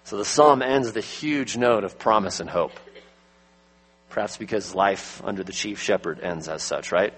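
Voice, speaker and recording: A man's voice: fairly low pitch, normal speed, a bit bright, husky. A man preaching a sermon as pastor, emphatic, his voice rising when he presses a point home.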